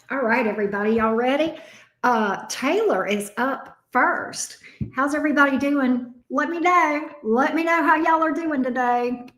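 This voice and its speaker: A woman's voice: fairly high pitch, fairly bright tone, echoey room. A woman with a Southern US accent hosting a tarot livestream, chatting casually and greeting her viewers one by one by name.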